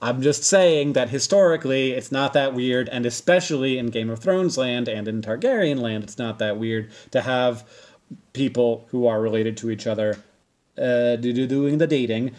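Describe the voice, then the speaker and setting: A man in his thirties hosting a casual explainer video, talking in a rambling, self-correcting way with sudden emphatic jumps in pitch. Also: normal speed, darkish tone. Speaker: video host.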